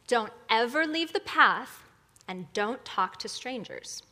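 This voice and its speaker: A caring storybook mother giving a slow, firm warning, played by a woman. Her voice is bright and clear. The hall rings with a long reverb. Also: a little high, lively intonation, full character voice.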